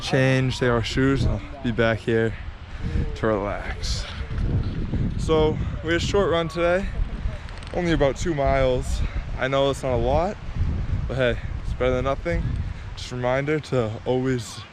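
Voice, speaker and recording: A young man vlogs on the beach, chatting casually into a handheld camera with a mid-range voice at a measured pace. He's laid-back and repeats catchphrases, while loud wind and surf noise fill the recording.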